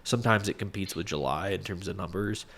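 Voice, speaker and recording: A man with a deep, low voice that comes out nasal and congested from a stuffy nose. He talks in a relaxed podcast chat, giving plain practical advice as a co-host. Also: fairly quick, vocal fry. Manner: plainspoken, advisory. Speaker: co-host, property manager. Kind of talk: casual business podcast chat.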